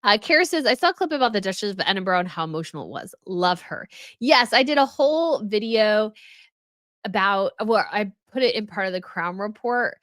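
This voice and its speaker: A woman's voice: medium pitch, expressive, a little fast, fairly bright tone, no echo, studio quality. Chatty American woman reading live chat. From United States. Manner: chatty, answers viewer comments. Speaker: royal news channel host reading live chat. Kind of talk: casual live-stream chat.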